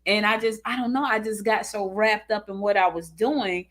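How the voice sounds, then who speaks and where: A woman hosting a talk show chats casually and tells animated stories, laughing a lot. She speaks at a moderate pace in a mid-range voice.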